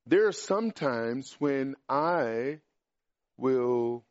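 A man preaching a sermon in an emphatic, animated way, pushing up in pitch and volume on key points. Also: very slow, no echo. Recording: dry, dull lo-fi sound.

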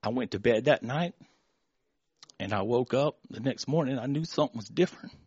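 A middle-aged man giving an emotional, halting testimony before a congregation, often repeating words and restarting his sentences. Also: mid-range voice, expressive, a little mellow, lo-fi sound, slight background noise. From Florida. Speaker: church member giving testimony.

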